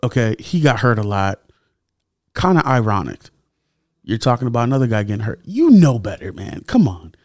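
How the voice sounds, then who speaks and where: A young man hosting a solo podcast, talking casually and with animated indignation, his voice jumping up when he gets heated. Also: medium pitch, moderate pace, dry recording, studio quality. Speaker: podcast host.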